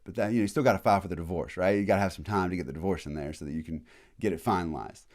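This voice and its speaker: A man giving a casual, animated history lecture, full of slang and quick acted-out asides. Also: low voice.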